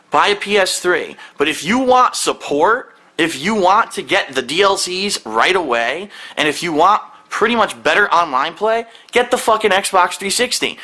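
A man with a high, bright voice rants to camera from his seat at home, swearing in nearly every sentence. His pitch leaps around with heated exasperation. The tone is that of a profane gaming-video tirade. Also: rough recording. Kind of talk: angry profane rant to camera. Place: seated indoors at home.

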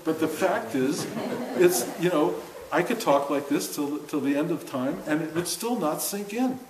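An older man with a slightly high voice, teaching a seated class in an earnest, chatty way and laughing often. His voice rings in a roomy space, with a faint hiss underneath. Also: moderate pace, a little mellow. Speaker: spiritual teacher. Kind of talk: informal spiritual talk to a class. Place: room with a seated audience.

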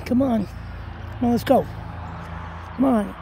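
Slow-talking pet owner coaxing a cat. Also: mid-range voice, creaky, mellow, a little hiss or hum. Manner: coaxing, sing-song pet talk. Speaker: cat owner filming a walk. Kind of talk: casual talk to a pet. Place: outdoors in cold weather.

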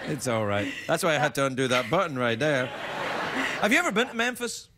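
A man's voice: a little high, animated, fairly quick, heavy background noise. A man hosting a late-night talk show, teasing his guest and jumping into silly voices. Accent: Scottish. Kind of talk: playful late-night chat.

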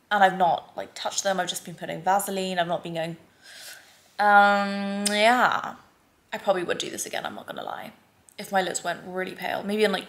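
A woman's voice: medium pitch, a bit bright. A young woman with a London accent, chatting candidly in a casual beauty vlog, full of "like" and "babe". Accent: London English. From England. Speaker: beauty vlogger. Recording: faint background noise.

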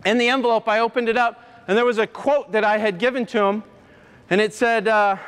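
A man who is a former coach and motivational speaker, telling an emotional personal story to an audience in an earnest, halting way. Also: high voice, fairly even intonation, a bit bright, clear, resonant tone. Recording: long hall reverb.

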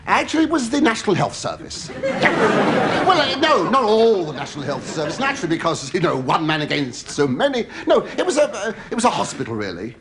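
A middle-aged English comedian with a stammering, camp delivery, full of asides to a live audience. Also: male voice, high-pitched, wildly swooping pitch, brisk, a crowd in the background. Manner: stammering, camp asides, ooh-ing and mock protest. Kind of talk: stand-up style sitcom monologue to live audience. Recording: loud studio audience laughter and noise.

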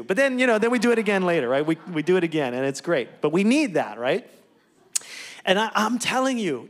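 A high-voiced, middle-aged male pastor speaks into a stage microphone before his congregation. His delivery is upbeat and chatty, and he drifts from earnest exhortation into joking asides. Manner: upbeat, conversational preaching with asides and quips. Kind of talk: church announcements and exhortation. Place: church sanctuary.

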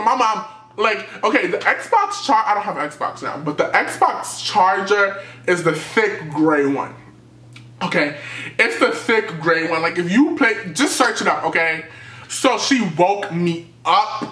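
A young man from New City, telling a storytime tale in a lively, animated way and acting out what people said. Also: high-pitched, measured pace, roomy sound. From New York City. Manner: animated storytelling, acting out quotes, jumps to yelps. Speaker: vlogger. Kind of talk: storytime vlog.

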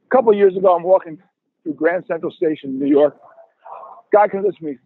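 Man in his sixties, higher voice, swearing storyteller, dry tinny phone line. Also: fast, long pauses, no room sound. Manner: animated, profane anecdote-telling. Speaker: guest musician. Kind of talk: storytelling in a podcast interview.

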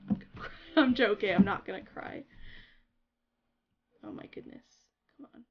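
A young woman chatting casually to her viewers while playing a game on a livestream, giggly and excitable. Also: mid-range voice, moderate pace, long pauses, muffled recording. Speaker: gaming livestreamer. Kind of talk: casual livestream chat over gameplay.

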